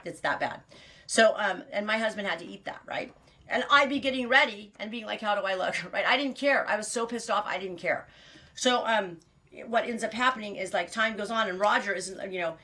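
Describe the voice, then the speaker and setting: A woman's voice: medium pitch, sharp tone. A woman in her fifties hosting her own show, telling a personal story in a blunt, rambling way full of fillers and restarts, with frequent laughs. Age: 50s. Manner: laughs often. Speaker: host.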